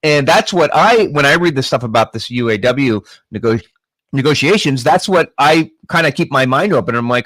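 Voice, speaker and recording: A man chatting as a guest about politics, thinking out loud with emphatic asides. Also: mid-range voice, animated, moderate pace, no room sound. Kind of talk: casual political chat.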